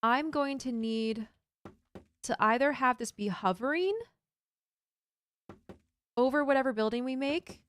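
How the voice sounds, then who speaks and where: A woman's voice: sits high, a little slow, long pauses. A woman streaming a building game, chatting casually and thinking aloud while she builds and reads chat. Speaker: Minecraft streamer.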